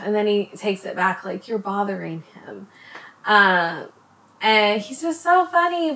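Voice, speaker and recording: A woman chatting to her camera as a vlogger, rambling with many ums and tripping over words when she talks fast. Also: medium pitch. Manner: says she stutters when talking fast. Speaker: vlogger recommending creators. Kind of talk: casual chat to camera.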